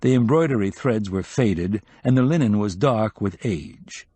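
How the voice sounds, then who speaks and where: Husky male audiobook narrator. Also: fairly low pitch, expressive, unhurried, mellow, dry recording. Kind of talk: scripted narration.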